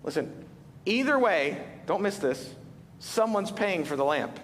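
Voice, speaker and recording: A man preaches from the pulpit in a high, lively voice, retelling a story with animated asides and rhetorical questions to the congregation. His voice rings out in a reverberant church hall. A faint low rumble sits underneath. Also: a little slow. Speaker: pastor. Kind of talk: sermon. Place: church sanctuary.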